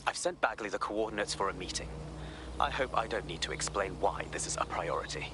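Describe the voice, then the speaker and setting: Low-voiced male spy handler, measured and clipped, game audio with noise man voicing it. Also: animated, close to an everyday voice. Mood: grave. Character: calm male spy handler, grave and secretive. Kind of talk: video game voice acting.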